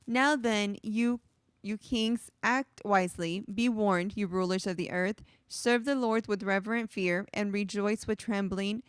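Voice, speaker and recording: A woman reading scripture aloud in a raised, carrying voice during a casual Bible discussion. Her tone is smooth and clear, at a middle pitch, and the recording is dry. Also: measured pace, no echo. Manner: reads aloud in a raised, projected voice.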